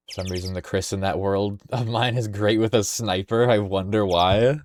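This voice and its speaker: A man's voice: sits low, normal speed, few pauses. A young man casually streaming a game, rambling playfully and reading lines aloud. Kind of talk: casual game-playing commentary. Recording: noisy home stream mic.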